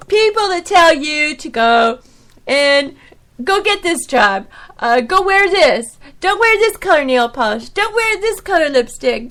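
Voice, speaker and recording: A high-pitched middle-aged woman hosts her own podcast alone, talking straight to the listener. She rambles and gets emotional, raising her voice like a preacher as she rants, then laughs at herself. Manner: animated, preachy ranting. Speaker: podcast host. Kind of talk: casual monologue.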